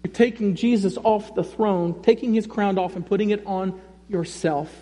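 A man's voice: high-pitched, moderate pace, dark tone. A male pastor preaching a sermon in an emphatic, conversational way. He often repeats his key phrases. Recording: long reverb in a large hall.

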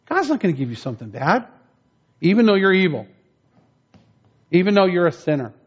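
Guy preaching a chatty folksy sermon, kinda high voice, muffled lo-fi recording. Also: darkish tone. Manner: folksy, storytelling, rising emphasis on key points. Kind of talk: conversational sermon.

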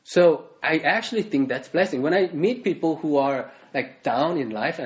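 A man's voice: fairly high pitch, expressive, normal speed, hardly any pauses. A man preaching a sermon in a conversational way, full of fillers and restarts. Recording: muffled lo-fi recording.

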